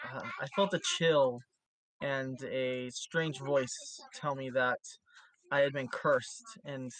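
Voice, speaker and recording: Brief: slow, hesitant player speaking in character. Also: mid-range voice, fairly bright tone. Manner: halting, many fillers. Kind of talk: in-character tabletop play.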